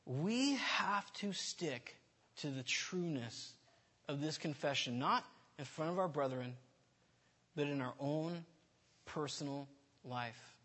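A man delivers a relaxed, conversational sermon with a slightly raised, husky voice. His tone is bright and forward. He is candid and self-deprecating, often restarting mid-sentence. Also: a little high, slow, pauses often. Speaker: preacher. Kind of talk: informal sermon.

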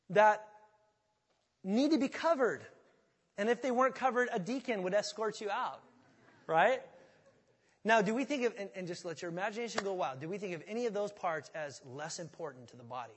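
Husky high-voiced pastor preaching. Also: male voice, a bit bright, big-room sound. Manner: conversational, asks the congregation questions. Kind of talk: sermon. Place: church sanctuary.

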